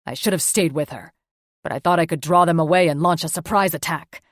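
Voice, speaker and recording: A woman's voice: low-pitched, a little fast, dry recording, clean studio sound, lightly acted. A woman voicing an anguished male werewolf who blames himself, urgent and pained. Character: guilt-stricken male werewolf brother, anguished.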